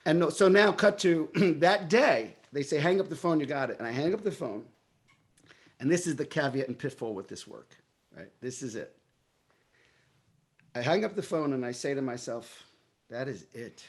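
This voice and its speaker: A middle-aged man with a New York accent, telling stories in an interview and acting out his own past dialogue with lively energy. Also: on the high side, moderate pace. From Brooklyn, New York. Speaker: guest. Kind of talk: storytelling in a casual interview.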